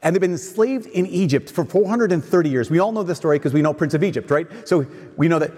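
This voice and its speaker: A man preaching a sermon, asking the crowd questions and answering them himself in an animated way. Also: on the high side, quick pace, breathy edge. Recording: long hall reverb.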